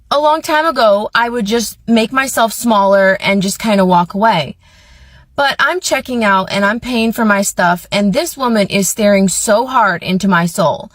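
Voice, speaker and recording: A woman recounts a story in a heated, indignant voice. Her pitch sits in the middle of the range. The recording is dry and close, with no room sound. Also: a bit bright, no room sound, poor audio. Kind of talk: personal story vlog.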